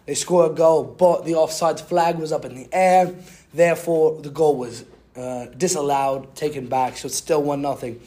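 Young man doing a jokey fake-British gent, sportscaster-style recap, sits a touch high. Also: fairly even intonation, normal speed, warm tone, natural voice. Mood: excited. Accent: put-on British. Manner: playful, sportscaster-like play-by-play. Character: mock-posh British man recapping his week.

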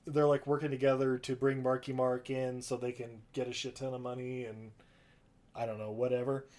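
A man's voice: medium pitch, level tone, normal speed, darkish tone. A man casually recapping a movie plot in a rambling, profane way, acting out the characters in raised voices. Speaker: podcast co-host.

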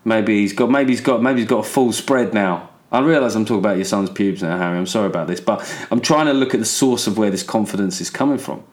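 A man's voice: fairly low pitch, quick pace, few pauses. An English man hosting a solo podcast, rambling in a sweary, sardonic way through politics, plugs and listener letters. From England. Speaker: podcast host. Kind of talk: casual solo podcast monologue.

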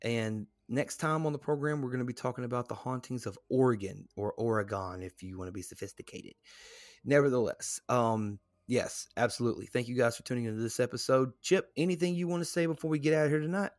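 A man chats loosely as a podcast co-host, rambling through fillers and restarts. His voice sits at an ordinary pitch. The sound is dry and close. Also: fast, hardly any pauses, no room sound. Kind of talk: casual podcast chat.

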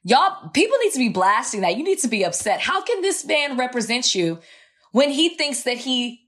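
A woman's voice: sits high, sing-song, normal speed, fairly bright tone. A woman co-hosting a podcast, speaking bluntly and outspokenly in casual chat. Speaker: podcast co-host.

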